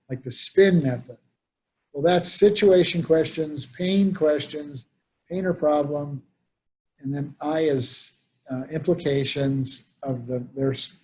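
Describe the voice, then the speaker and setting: A man's voice: fairly high pitch, mellow. A man presenting a workshop, telling anecdotes and acting out the people he quotes. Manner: storytelling, acts out quoted voices. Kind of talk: conversational workshop talk.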